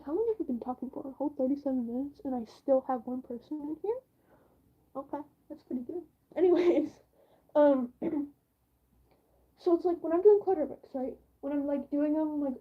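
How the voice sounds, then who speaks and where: A young woman telling a rambling story on her livestream, full of fillers, turning whiny when she re-enacts her complaints. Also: sits high. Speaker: livestream host. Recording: dull lo-fi stream audio.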